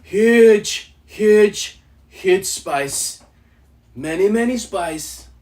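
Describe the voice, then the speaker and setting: Man doing a boastful politician bit: punchy superlatives, swooping pitch. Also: expressive, extremely slow, darkish tone, exaggerated voice. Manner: punchy one-word superlatives. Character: brash boastful male politician impression. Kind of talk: live stream comedy impression.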